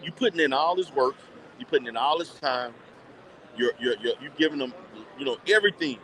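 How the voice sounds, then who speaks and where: While shopping in a mall, a man chats casually with his live viewers, blunt and animated, laughing a lot and repeating himself. His voice is medium-pitched and fairly quick, with a little hiss or hum in the recording.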